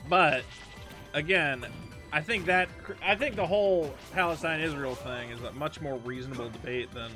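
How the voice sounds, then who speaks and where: A man's voice: a little high, moderate pace. Exasperated male streamer over game music. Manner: animated, exasperated ranting. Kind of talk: casual chat while gaming. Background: video game music.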